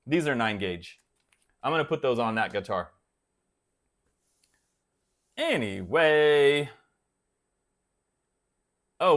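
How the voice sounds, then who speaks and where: Rambling guitar-channel man, slightly high voice. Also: fairly bright tone. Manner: rambling, chatty, loses his thread. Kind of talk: casual live-stream chat.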